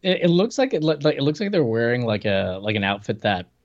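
Male podcast co-host, gravelly mid voice, halting delivery, muffled recording. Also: medium pitch, sing-song. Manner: hesitant, restarts, quick agreeing interjections. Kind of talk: casual comic book chat. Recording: dull lo-fi sound.

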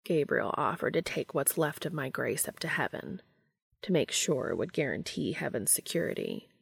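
A woman reading a fan story aloud, voicing an earnest, soft-spoken male angel in a low, hushed, slow voice that slips into whispers. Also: sing-song, vocal fry, slightly rough, heavily acted. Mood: tender.

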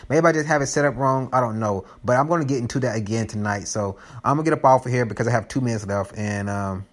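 A man hosting a casual podcast, talking loosely and joking with his listeners. He drifts from point to point and restarts his sentences often, at an ordinary middle pitch. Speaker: podcast host. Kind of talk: casual chat.

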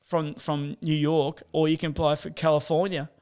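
A man's voice: on the high side, flat delivery, normal speed, a little mellow, clear, resonant tone. A man telling rambling, sweary stories in a casual chat, full of fillers.

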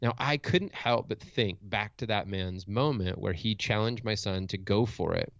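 A man with a lowish, creaky voice talks at normal speed in a recording with no echo and the highs cut off. He's a motivational speaker and coach recounting something personal in a reflective, candid way, restarting his thoughts and tossing in "right?" as he goes.

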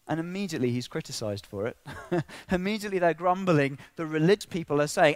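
Impassioned preacher, dry sound. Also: male voice, a little high, lively intonation, fairly quick, hardly any pauses, no room sound. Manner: impassioned, swinging between soft and loud. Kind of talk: sermon.

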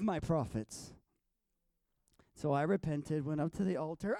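A man, a guest minister, telling stories of his dreams and visions, swinging between hushed tones and loud bursts. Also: on the high side, unhurried, no echo, clean studio sound. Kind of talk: storytelling about dreams and visions.

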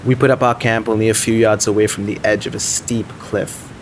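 A man's voice: fairly low pitch, level tone, brisk, a little hiss or hum. Man narrating a drama in anxious, self-mocking first person. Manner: anxious, self-deprecating inner monologue. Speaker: narrator and lead character. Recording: faint music underneath.

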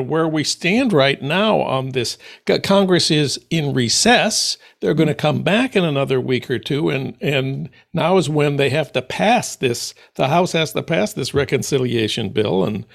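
A man hosting a political discussion, laying out the issues and asking his guest questions in an earnest, drawn-out way. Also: on the high side, creaky. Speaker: host.

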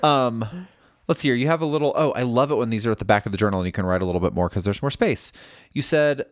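A man's voice: mid-range voice, fast, dry recording, clean studio sound. A male podcast co-host in casual chat, reading a friend's journal aloud with playful, heartfelt asides. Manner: warm, playful, getting emotional.

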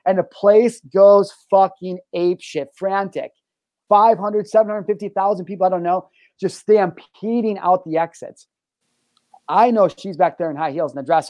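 A man's voice: high voice, dry recording. A young adult man telling a personal story in casual chat, with lots of swearing and "bro". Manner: profane, animated, says "bro". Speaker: guest.

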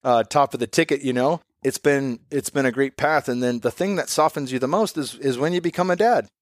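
A man's voice: mid-range voice, brisk, no room sound, studio quality. A man in his thirties, a podcast guest and father, talking in a candid, reflective way and swearing casually.

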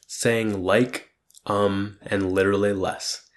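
A young man with a fairly low voice reflects out loud on his week of making content. He rambles and criticizes himself, often swearing and falling back on filler words. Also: little pitch movement, takes it slowly. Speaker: content creator. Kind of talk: casual weekly self-reflection monologue.

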